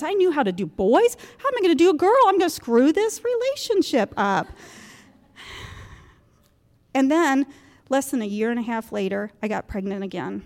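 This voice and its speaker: A woman's voice: high-pitched, long reverb tail. A woman in her fifties giving a candid, self-mocking talk to a group of mothers in a church gym, laughing often. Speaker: guest speaker at a moms' group. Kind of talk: personal talk to an audience.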